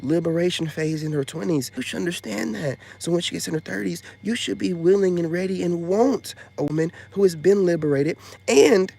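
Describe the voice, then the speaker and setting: A man vlogging a casual story in a rambling, slangy way, dropping loud boasts and then hushed asides, full of filler phrases. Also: sits high, a little fast, gravelly.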